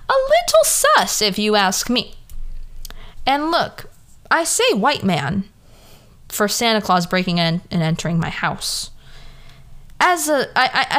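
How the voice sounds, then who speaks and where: Young woman, podcast host, casual comedic monologue, slangy, rhetorical questions, very lively pitch. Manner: chatty, rhetorical, full of slang and fillers.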